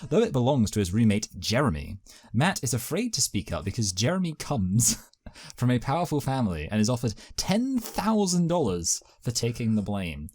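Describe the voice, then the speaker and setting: A man in a casual movie review chat, reading plot notes aloud and adding short wry asides. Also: medium pitch.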